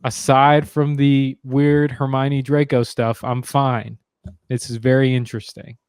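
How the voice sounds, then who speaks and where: A man's voice: mid-range voice, level tone, measured pace, darkish tone, clear, resonant tone, dry recording, studio quality. A man in casual chat, hesitant and teasing, thinking aloud about a story.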